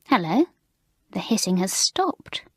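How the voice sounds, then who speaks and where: A woman voicing a bold, mischievous teenage schoolgirl who talks in a bright, teasing way. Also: medium pitch, big pitch swings, takes it slowly, slightly rough, dry recording, clean studio sound, heavily acted.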